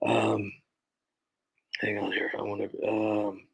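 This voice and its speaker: Livestream host, male, gravelly and husky, rambling and halting, casual. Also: on the low side, level tone, low-quality recording. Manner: rambling, halting, with many restarts and sighs. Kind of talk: casual livestream rant and chat greetings.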